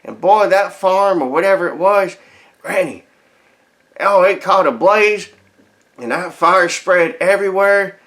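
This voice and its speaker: A boastful, slow-witted grandson, played by a man, spins a rambling folksy yarn for a comedy sketch. His voice sits high for a man, and he trips over his words and starts sentences again as he goes. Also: fairly bright tone. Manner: rambling folksy tale-telling with stammered restarts. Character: dim-witted bumbling adult grandson, boastful and excitable. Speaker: comedy character telling a story to his grandmother. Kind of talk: comedic storytelling monologue.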